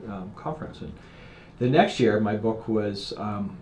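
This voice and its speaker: A man's voice: fairly low pitch, unhurried. A middle-aged man, a guest author, telling a story in conversation and acting out the people in it. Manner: animated storyteller acting out dialogue. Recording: echoey room, faint ambient noise.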